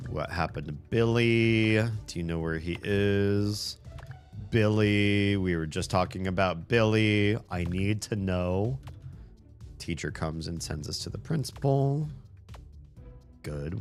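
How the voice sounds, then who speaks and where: A young man casually commenting while playing a video game, thinking aloud in low mumbled asides. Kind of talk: let's play commentary.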